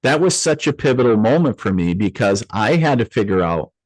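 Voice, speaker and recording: A man being interviewed, telling a personal story in a loose, animated way with many fillers and restarts, acting out the voices he quotes. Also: lowish voice, brisk, no room sound, poor audio. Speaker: interview guest, medium.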